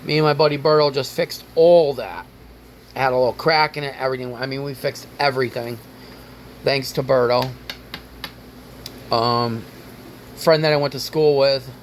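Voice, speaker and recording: A man's voice: medium pitch, normal speed, pauses often, a little hiss or hum. A man hosting his own car vlog, rambling and ranting casually with frequent swearing. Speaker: car vlogger.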